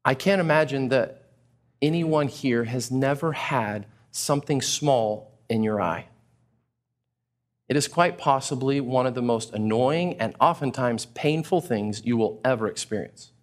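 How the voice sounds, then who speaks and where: A pastor preaching a sermon to a congregation, telling stories with acted-out exclamations. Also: male voice, medium pitch, unhurried. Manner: animated storytelling with acted-out exclamations.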